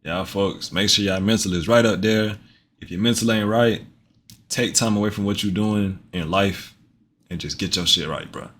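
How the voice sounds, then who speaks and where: A man's voice: fairly low pitch, moderate pace, fairly bright tone. A man streaming live, commenting on a video in a loose, joking and profane way, often repeating himself.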